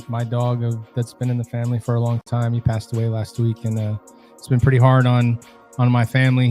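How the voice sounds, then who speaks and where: A man co-hosting a podcast, chatting in a relaxed, wry, conversational way. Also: mid-range voice. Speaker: podcast co-host. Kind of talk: casual chat.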